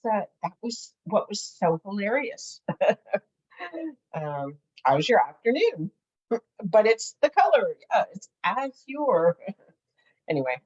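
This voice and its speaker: A dull lo-fi home recording captures a middle-aged crafting channel host chatting casually through a tutorial. She giggles and thinks aloud as she works, in a lowish, darkish, slightly rough voice.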